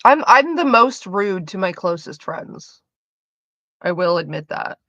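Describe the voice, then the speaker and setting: Motor-mouthed woman streamer, bright voice. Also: mid-range voice, big pitch swings, no echo, muffled recording. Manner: fast rambling talker, swears freely. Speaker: streamer chatting with viewers. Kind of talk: casual chat.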